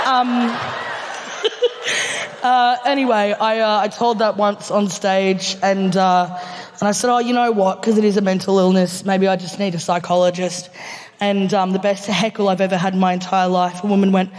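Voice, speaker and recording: A woman's voice: mid-range voice, moderate pace. A woman comedian with an Australian accent tells a stand-up story in a large theatre. She bounces into the voices of the people in her tale and laughs through her own punchlines. The hall's long reverb trails her words, with a faint hum behind. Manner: laughing through punchlines, animated quoting of others. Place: large theatre stage before a live audience.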